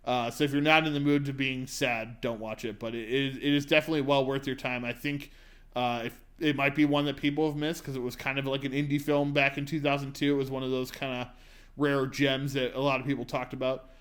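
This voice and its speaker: Man reviewing films, halting with fillers. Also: medium pitch, flat delivery. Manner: hesitant, many "uh" and "um" fillers. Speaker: podcast host. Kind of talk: casual movie review chat.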